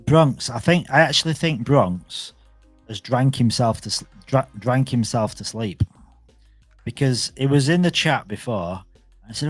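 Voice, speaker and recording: A man's voice: medium pitch, normal speed, dry recording, soft background music. A man hosting a casual live audio chat, talking loosely with lots of restarts and fillers. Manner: rambling, many restarts. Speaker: space host. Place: home, at night.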